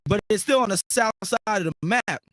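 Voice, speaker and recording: High-voiced casual radio host man. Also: fairly quick, fairly bright tone, no room sound, studio quality. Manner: laid-back, interjecting, pushing back.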